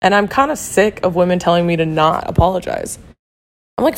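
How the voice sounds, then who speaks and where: A woman hosting a casual solo podcast, her voice hoarse and rough after losing it, talking candidly with swearing and lots of fillers. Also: medium pitch, brisk. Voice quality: rough, gravelly. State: hoarse from a lost voice. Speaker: podcast host.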